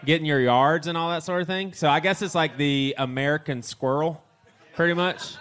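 A man's voice: fairly high pitch, moderate pace, a bit bright, smooth. Easygoing man at a live pub podcast. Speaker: podcast co-host.

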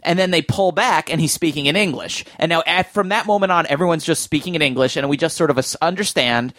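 A man talks through a film in a casual, enthusiastic way, thinking aloud as he goes. His voice sits a little high for a man. The sound is dry and close, with no room around it. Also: fast talker, a bit bright, no room sound. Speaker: film podcast host.

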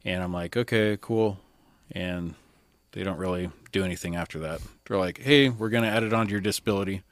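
A man's voice: low-pitched, brisk, no echo. A young man, a firefighter and podcast guest, telling his story candidly and casually, quoting what others said to him.

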